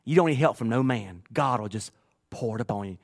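A man pastor preaching a sermon through personal stories, earnest and emotional, moving from quiet to loud. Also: mid-range voice, animated, brisk. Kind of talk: storytelling sermon.

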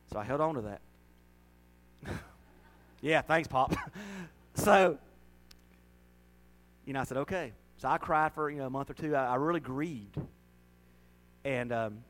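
A man's voice: mid-range voice, low-quality recording. Middle-aged man preaching, folksy and emotional with bursts of laughter, faint hum under the voice. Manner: folksy, emotional, with laughs and sudden loud rises. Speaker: pastor. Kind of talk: sermon.

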